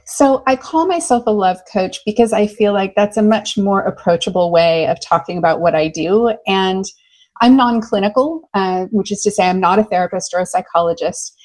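A woman's voice: mid-range voice, moderate pace, low-quality recording. An American woman, a love coach, talking enthusiastically in a casual interview. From United States. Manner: enthusiastic, animated storyteller.

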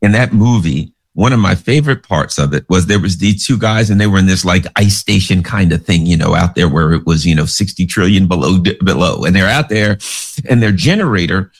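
A man's voice: low voice, expressive, brisk, husky. A man giving casual, sarcastic political commentary, rambling through stories and asides.

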